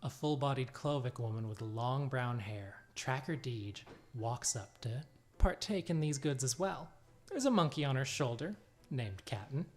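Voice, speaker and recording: A man narrating as game master of a tabletop game, describing scenes in a relaxed storytelling way. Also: medium pitch, unhurried.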